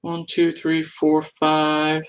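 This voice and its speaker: Chatty man with a fairly high voice. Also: monotone, drawn-out words. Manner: chatty and playful, rambling and humming to himself. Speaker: podcast co-host. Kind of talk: casual live-stream chat.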